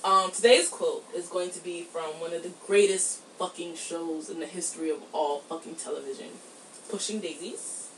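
A woman co-hosting a podcast in casual chat, giggly and animated, swearing freely. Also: lowish voice, moderate pace, distant mic, slight background noise. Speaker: podcast co-host. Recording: roomy, from off the mic, faint ambience.

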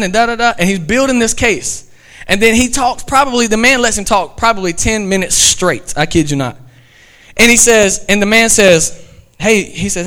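A man's voice: high-pitched, lively intonation, moderate pace, a bit bright. A man, a pastor telling a story in his sermon and building to emphatic preaching. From American South.

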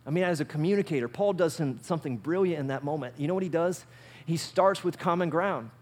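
A male pastor preaching a sermon in an animated way, often asking his listeners questions. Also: fairly high pitch, fast. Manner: animated, asks the audience questions.

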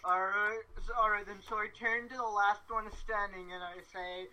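A player in a casual tabletop game, playful and quick to joke. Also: mid-range voice, fairly even intonation, pushed and bright, low-quality recording. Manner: playful, laughing in-character quips.

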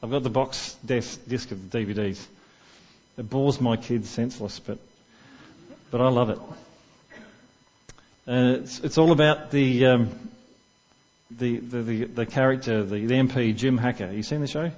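A man delivers a sermon in a church in an easy, conversational way, putting questions to his listeners. His voice sits at a middle pitch. The recording sounds somewhat dull and lo-fi. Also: measured pace, a little mellow. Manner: conversational, asks the congregation questions. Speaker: preacher.

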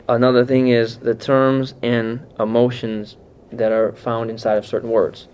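A man teaching a Bible class in an animated, conversational way, often putting questions to his listeners. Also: medium pitch, measured pace, slight background noise. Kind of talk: teaching sermon. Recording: muffled lo-fi sound.

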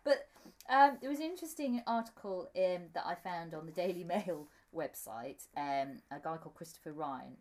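A woman's voice: fairly low pitch, expressive, normal speed, a little mellow. A woman co-hosting a casual comedic chat, giggly and rambling with lots of ums. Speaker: podcast co-host.

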